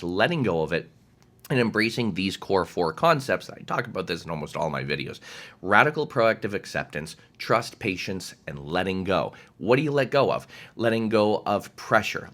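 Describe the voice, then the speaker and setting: A man's voice: on the low side, a bit bright. A man giving a direct-to-camera motivational talk as a coach, emphatic and passionate, swearing freely.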